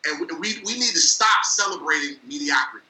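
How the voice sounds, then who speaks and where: A man with a slightly raised pitch and a very bright, forceful tone makes his case in a heated sports debate. He sounds exasperated and emphatic. The room rings around him, with faint ambience underneath. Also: lively intonation, a little fast, echoey room, slight background noise, low-quality recording. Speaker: sports show co-host.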